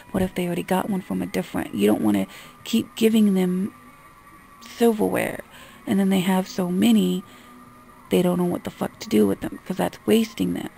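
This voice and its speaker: A woman's voice: mid-range voice, vocal fry, mellow, a little hiss or hum. A woman vlogger in a casual, exasperated rant, talking bluntly and swearing freely. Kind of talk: casual ranting monologue.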